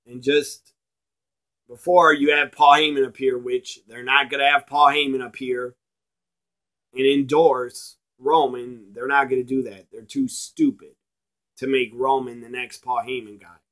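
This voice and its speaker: A man ranting in a blunt, profane video review, slowing down to stress his points. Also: medium pitch, level tone, a bit bright. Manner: emphatic, slows down to stress points.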